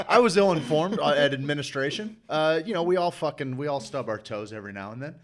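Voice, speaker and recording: A man in casual podcast chat, swearing freely and talking with dramatic, rough-edged humor. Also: a little high, lively intonation, fast. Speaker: podcast co-host.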